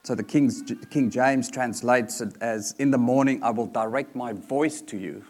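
A man's voice: medium pitch, normal speed, darkish tone. A man preaching a sermon in an earnest manner, repeating key points for emphasis.

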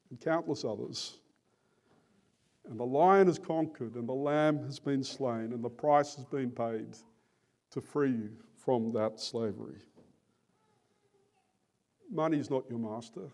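A man preaching a sermon in an earnest, deliberate and emphatic manner. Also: medium pitch, mellow.

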